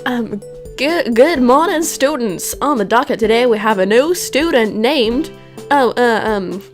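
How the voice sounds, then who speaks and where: A woman's voice: fairly high pitch, animated, unhurried, faint music behind. A woman voicing an old male chess-king teacher in a game, done as a goofy cowboy.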